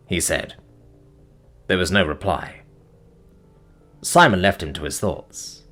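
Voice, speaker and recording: A man narrating a science-fiction story in an expressive storytelling manner. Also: deep voice, takes it slowly, faint music behind. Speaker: audiobook narrator.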